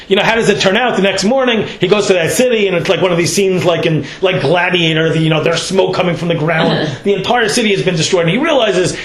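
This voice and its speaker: A man with a high voice teaches a Torah class in an informal, chatty way. He keeps tossing in "right?" and "you know" as he works through his points. The room gives his voice a roomy echo. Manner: conversational, peppers speech with "right?" and "you know". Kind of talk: Torah lecture.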